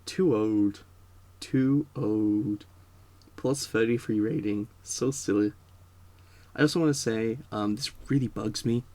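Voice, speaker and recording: A man's voice: lowish voice, slow pace, dark tone, dry recording. A man giving a casual, rambling spoken rant, full of fillers and restarts. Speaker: video creator.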